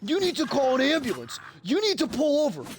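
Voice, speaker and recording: A man doing a frantic shouting brother. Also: extremely high pitch, wildly swooping pitch, fairly quick, a little hiss or hum, pitched above the performer's own voice, exaggerated voice. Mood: panicked. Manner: shouting, urgent, commanding.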